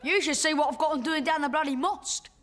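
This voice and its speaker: A child actor playing a pushy male salesman who pitches crude puns in a sketch comedy. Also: fast talker, noisy background, natural voice. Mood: brash. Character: brash cheeky male ad salesman. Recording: music and laughter track under voice.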